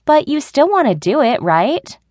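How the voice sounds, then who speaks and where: A woman's voice: high-pitched, sing-song, measured pace, a little mellow, no echo, studio quality, pitched above the performer's own voice. A woman narrator voicing Becky, a brash and teasing woman office friend, in an audiobook. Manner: teasing, brassy.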